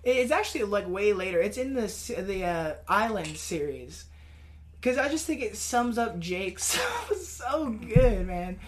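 A woman's voice: medium pitch, expressive, a little slow, background noise. A woman co-hosts a casual podcast. She talks in a loose, easygoing way and drops into laughter often. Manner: laid-back, laughs often, says "man" and "dude". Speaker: podcast co-host. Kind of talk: casual chat.

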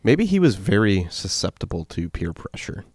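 A laid-back man co-hosting a podcast, his voice low and gravelly with plenty of fry. He tosses in dry quips between the host's lines. The recording is dry and close. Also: big pitch swings, normal speed, a little mellow, no echo. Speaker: podcast co-host. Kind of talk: casual chat.

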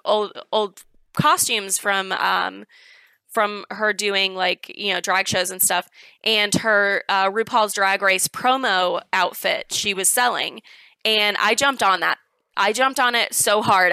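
A woman guest telling an excited, chatty story about cosplay, with many fillers along the way. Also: mid-range voice, smooth, no echo, low-quality recording. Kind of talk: animated storytelling in casual chat.

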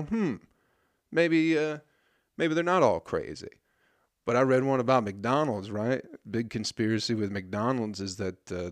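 This is a man in his thirties with a lowish voice, holding forth in a loose, rambling solo rant. He swears freely and keeps a sarcastic tone. The sound is dry, with no room around it. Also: no room sound. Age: 30s.

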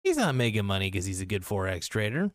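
A man's voice: on the low side, very animated, fast talker, no echo, clean studio sound. A man giving casual reaction commentary in a blunt, rambling way, swearing freely and restarting his sentences.

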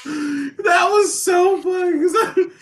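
A man co-hosting a podcast, bantering casually with animated, profane energy and frequent laughter. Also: very high voice, slow pace. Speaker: podcast co-host.

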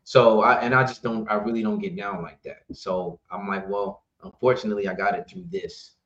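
Speaking fairly quickly in a lowish voice, a man who owns a trucking company shares stories as a guest on a casual podcast. He acts out the dialogue of the people in them and laughs often, with roomy, slightly dull audio.

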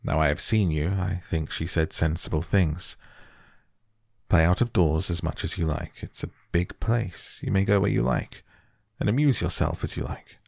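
Brief: a man as a worn-out, distracted guardian, low and gravelly. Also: normal speed, darkish tone, no echo, clean studio sound. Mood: weary. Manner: distracted, muttering. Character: weary, troubled middle-aged guardian.

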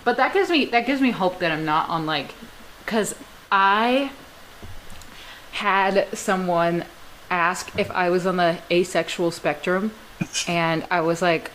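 A young woman from Georgia co-hosting a podcast in casual chat, blunt and joking, often trailing into low mutters. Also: unhurried, fairly bright tone, low-quality recording. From Georgia, USA. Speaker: podcast co-host. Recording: faint background noise.

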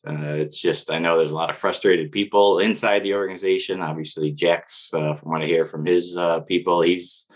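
A male sports writer being interviewed on a podcast. His voice is very deep, and he answers in a measured way that often trails off softly. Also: fairly even intonation.

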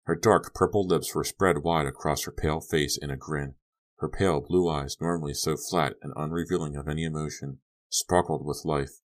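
A man narrating a young-adult horror audiobook in a calm, measured storytelling manner. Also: extremely low pitch. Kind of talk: scripted narration.

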